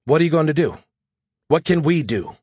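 Audiobook: hard-nosed woman sergeant, loud and scolding, pitched up by a male reader. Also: lively intonation, normal speed, slightly rough, no echo, studio quality. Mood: demanding. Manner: forceful, scolding, profane. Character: tough, blunt female Marine sergeant.

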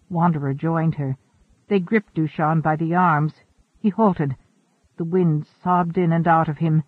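A man narrating an audiobook with a steady, expressive reading. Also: a little high, moderate pace, no echo. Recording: narrow, phone-like, dry sound.

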